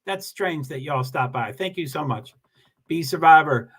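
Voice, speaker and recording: A man's voice: a little high, expressive, normal speed, slightly rough. A man hosting a casual livestream, greeting viewers and reading their comments, talking in a rambling, self-deprecating way with many restarts.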